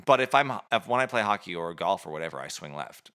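Male podcast co-host, lowish voice with a bright, sharp edge, animated and playful. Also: fast talker. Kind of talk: casual chat.

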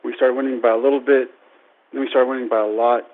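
A man in his thirties, a baseball coach, telling a lively personal story to an audience and acting out the voices in it. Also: mid-range voice, fast talker. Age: 30s. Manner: animated, acts out quoted voices. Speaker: baseball coach and public speaker. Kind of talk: storytelling speech. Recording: tinny phone-like radio broadcast.

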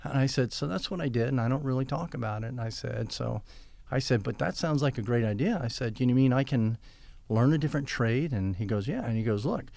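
A man's voice: mid-range voice, expressive, a little fast, creaky, darkish tone, dry recording. An older man telling long stories in an interview and acting out quoted dialogue as he goes. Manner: rambling anecdotes with quoted dialogue. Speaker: guest. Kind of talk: storytelling interview.

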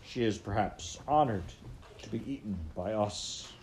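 A man voicing a gravelly, sneering wolf captain. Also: lowish voice, a little slow, darkish tone, slight background noise, lightly acted, poor audio. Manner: sneering, dismissive. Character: wolf captain, older male, cruel and calm.

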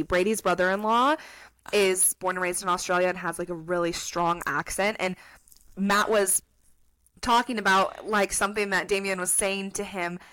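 A woman's voice: medium pitch, a bit bright. A young adult woman from Colorado, co-hosting a podcast in upbeat casual chat, full of "like" and "literally". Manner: chatty, upbeat, lots of "like" and "literally". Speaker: podcast co-host.

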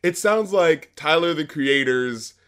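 A man co-hosting a casual music review chat, excitable, swearing often and filling with "like" and "uh". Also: fairly high pitch, measured pace, smooth. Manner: excitable, swears a lot, many fillers. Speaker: music review podcast co-host.

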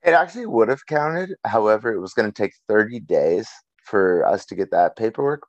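Young male co-host, low voice, dry close sound, chatty storyteller who laughs a lot. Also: lively intonation, fairly quick, no room sound, muffled recording. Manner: laughs through a storytelling rant. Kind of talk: casual chat.

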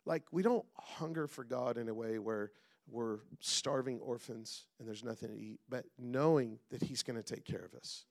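A middle-aged man preaching a sermon as pastor, calling out to the congregation and swinging between loud and hushed delivery. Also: medium pitch, normal speed, gravelly.

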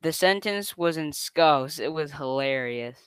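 Young guy reading a story off the internet, keeps laughing, smooth clear voice, dry close mic. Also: fairly high pitch, expressive, measured pace, dry recording. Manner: laughs often while reading. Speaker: co-host reading stories. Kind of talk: casual reading of online stories.

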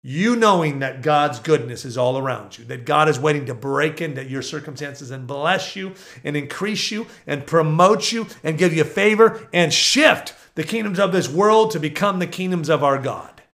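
Middle-aged male preacher, high voice, fervent delivery that drops to near-whispers. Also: moderate pace, few pauses. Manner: fervent, swings from loud proclaiming to hushed. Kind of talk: sermon.

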